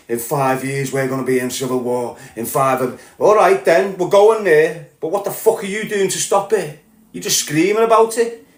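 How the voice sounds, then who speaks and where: A man with a Liverpool accent delivering a heated, profane solo rant as a podcast host, growing louder as he goes. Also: high voice, echoey room. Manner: heated, sweary, rising to shouting. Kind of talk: angry monologue rant.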